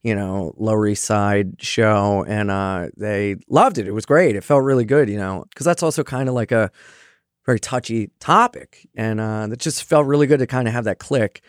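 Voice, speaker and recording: A man's voice: on the low side, normal speed, no echo, clean studio sound. Casual, swearing male stand-up comic. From Philadelphia area. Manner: loose and conversational, with frequent fillers and swearing. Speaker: stand-up comedian. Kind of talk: casual interview chat.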